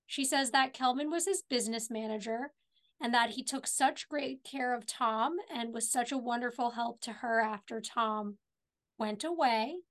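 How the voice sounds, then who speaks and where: A woman's voice: on the high side, normal speed, fairly bright tone. A woman co-hosting a podcast, casually retelling TV scenes step by step. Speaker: podcast co-host. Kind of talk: casual recap chat.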